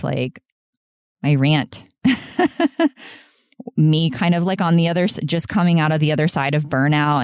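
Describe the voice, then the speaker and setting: A woman's voice: low voice, a little mellow, dry recording, studio quality. A woman hosting a solo podcast, talking in an earnest, rambling way, often laughing and saying "like". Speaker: podcast host.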